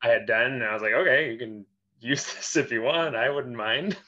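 Bright young man on dull audio. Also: medium pitch, moderate pace. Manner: easygoing, laughs often, uses fillers. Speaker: logo designer guest. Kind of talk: casual interview chat.

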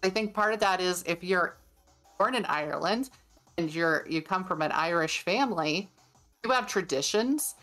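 A woman's voice: on the low side, animated, moderate pace, a bit bright, faint music behind. An American woman, a horror author, speaking thoughtfully and laughing often as a guest in a casual podcast chat. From United States.

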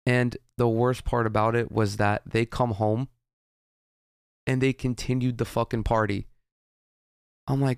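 In a level, mid-range voice that is a little slow, creaky, and smooth, a young podcast host rambles through a profane story, pausing often and frequently starting over. It's a casual monologue with clean studio sound and no echo.

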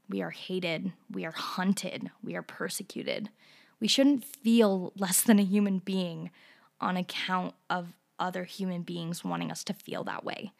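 A woman's voice: fairly low pitch, gravelly. A young woman hosting her own podcast, talking casually with strong opinions, rambling a little and laughing often between points. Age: young adult. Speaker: podcast host. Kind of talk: casual solo podcast monologue.

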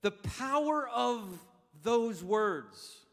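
High-voiced older preacher in a hall. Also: male voice, lively intonation, very slow, fairly bright tone. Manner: storytelling, asks the crowd questions. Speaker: pastor. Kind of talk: sermon. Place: church sanctuary. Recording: long reverb of a big hall.

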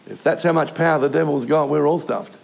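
Older male pastor, gravelly voice. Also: on the high side, steady tone. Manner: earnest, emotional preaching with short pauses. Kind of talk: sermon.

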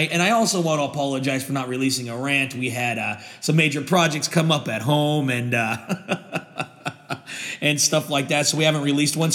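A man's voice: a little high, a bit bright, long reverb tail. A man hosting a podcast alone, ranting with heavy swearing and frequent laughter. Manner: profane, laughing, heated ranting. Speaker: podcast host. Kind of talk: comedic rant podcast.

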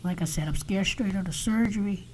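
A man talking alone on his podcast in a halting confessional monologue, often dropping to a whisper and swearing. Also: high voice, poor audio. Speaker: podcast host.

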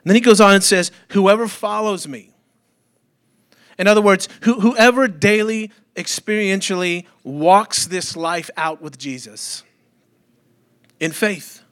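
Bright, high-voiced man preaching a sermon. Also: a little slow. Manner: conversational preaching with rhetorical questions and humor. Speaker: pastor. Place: church.

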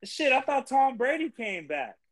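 A young man co-hosting a casual sports podcast, ranting in exasperation and swearing constantly, his pitch jumping high when he gets worked up. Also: sing-song, normal speed, a bit bright, rough recording. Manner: profane, exasperated ranting with big pitch jumps. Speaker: podcast co-host.

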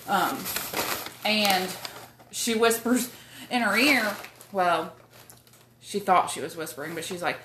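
A woman, telling a personal story in a rambling way, full of swearing, fillers and asides. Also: mid-range voice.

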